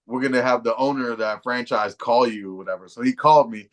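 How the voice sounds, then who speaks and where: Mid-pitched guy podcast cohost, rambling, cussing stories, lots of slang. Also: fast. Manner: rambling, profane, slangy anecdotes. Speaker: podcast co-host. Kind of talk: casual storytelling chat.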